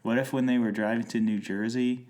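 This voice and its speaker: A man's voice: mid-range voice, fairly even intonation, fairly quick, a little mellow. A young man co-hosting a podcast, joking around as he reads through plot points of an episode. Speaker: podcast co-host. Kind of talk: casual chat recapping a TV episode.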